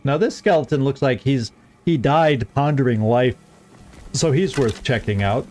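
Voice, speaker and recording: This let's play host, a middle-aged man, chats and wanders off-topic while gaming, chuckling a lot. He speaks at a moderate pace in a darkish, mid-range voice.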